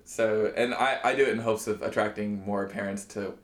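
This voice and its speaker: A young man telling a self-deprecating story in casual podcast chat, halting, with many restarts. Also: on the low side, fairly even intonation. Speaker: guest comedian and musician. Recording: roomy echo.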